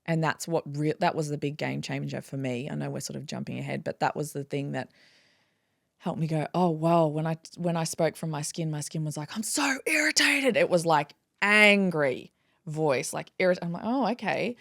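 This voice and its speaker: A woman chiropractor talking in a casual interview, animated and acting out her own inner dialogue. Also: deep voice, moderate pace, creaky, no echo, clean studio sound. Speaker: guest, chiropractor.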